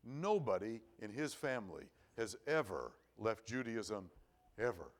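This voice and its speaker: A man's voice: fairly low pitch, sing-song, unhurried. A middle-aged man preaching at an evening church service, telling a personal story in a folksy, earnest way. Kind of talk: sermon. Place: church auditorium.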